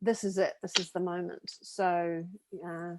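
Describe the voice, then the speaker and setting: A woman with a New Zealand accent co-hosting a casual chat over a video call, animated and quick to laugh as she tells stories. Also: fairly low pitch, background noise. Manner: animated, laughs often while telling stories. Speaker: co-host.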